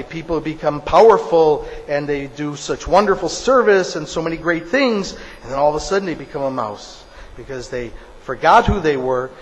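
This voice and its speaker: A man preaches in a fairly high, emphatic voice, telling stories and hammering points home by repeating phrases. A long hall reverb follows his words. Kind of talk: sermon.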